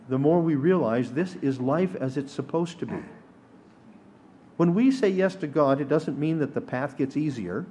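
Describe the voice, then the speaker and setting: Man, sermon teacher, earnest and emphatic, slightly high voice, faint room hiss. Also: dark tone. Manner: earnest and emphatic, rising to exhortation. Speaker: teacher at a synagogue service. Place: synagogue sanctuary.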